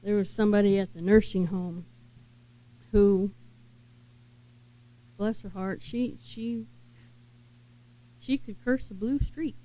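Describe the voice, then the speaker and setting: A woman with a mid-range, dark-toned voice preaches a sermon earnestly and without hurry, posing many questions to her listeners. Her intonation stays fairly even, and the recording sounds muffled.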